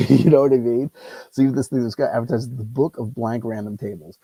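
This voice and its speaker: This man's mid-range voice is gravelly, husky, and dark, with a steady tone and brisk pace. Hosting a solo tabletop game on his channel via lapel mic, he rambles, rants, and swears freely. The low-quality recording has no echo.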